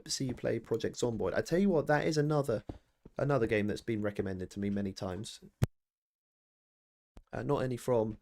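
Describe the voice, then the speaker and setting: British male streamer, thirties, gravelly, rambling, self-deprecating chat, faint hiss behind. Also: lowish voice, darkish tone. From Britain. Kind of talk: casual live-stream chat.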